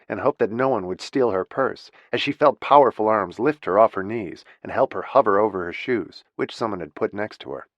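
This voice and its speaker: Man, audiobook narrator, low voice, dry close sound, measured. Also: no echo. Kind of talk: scripted narration.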